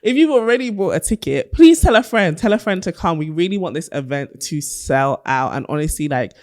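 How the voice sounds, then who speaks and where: A young woman co-hosting a casual podcast, hoarse from being sick, chatty and affirming. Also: fairly low pitch, lively intonation, a little mellow, no echo, studio quality. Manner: chatty and affirming, quick interjections. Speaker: podcast co-host.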